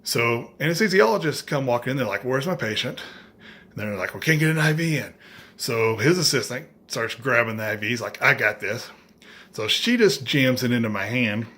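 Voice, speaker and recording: Man telling a story with dry humor. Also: mid-range voice. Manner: animated, acts out others' lines; dry, self-mocking humor. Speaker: vlogger. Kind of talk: casual storytelling.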